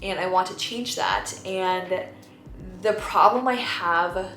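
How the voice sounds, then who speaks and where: A woman's voice: mid-range voice, slow, a bit bright. A young woman vlogger talking to camera in a candid, rambling, confessional way. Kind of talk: casual chat to camera. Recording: roomy echo, faint music behind.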